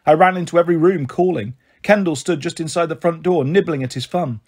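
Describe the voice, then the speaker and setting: Husky man reading a storybook aloud. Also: a little high, a little fast. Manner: steady first-person narration. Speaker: reader.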